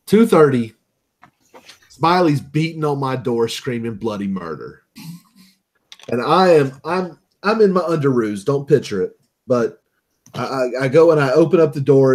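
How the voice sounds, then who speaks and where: A man's voice: medium pitch, darkish tone. A man on a podcast telling a crude, joking story with plenty of profanity, acting out what his friends said. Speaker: podcast co-host. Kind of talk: casual storytelling chat.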